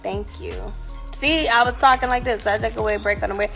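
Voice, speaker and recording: Gravelly-voiced woman chatting casually. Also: on the high side, fairly even intonation, quick pace, pushed and bright, faint music behind. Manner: chatty, loose and rambling with fillers. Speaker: mother and vlogger. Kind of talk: casual chat to followers.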